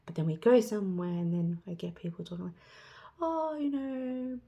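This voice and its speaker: A woman's voice: lowish voice, steady tone, fast, gravelly, dark tone. A woman in her thirties talking casually to her viewers, rambling and chatty, acting out what other people say. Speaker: vlogger. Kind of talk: casual chat.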